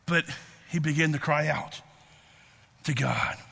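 A man preaching a sermon in a halting, repetitive way with many fillers, reading and explaining a Bible passage. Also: on the high side, gravelly, sharp tone, slightly rough, in a large hall.

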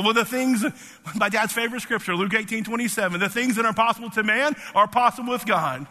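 A man in his fifties preaches a sermon at a quick pace in a bright, forceful voice, emphatic and repeating words. He grows tearful as he climbs to fervent peaks, and a long reverb tail trails his words.

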